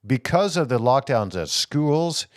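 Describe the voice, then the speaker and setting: A man hosting a political talk show, reading viewer comments and answering them with animated rhetorical questions. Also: mid-range voice, unhurried, no room sound, clean studio sound. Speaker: host.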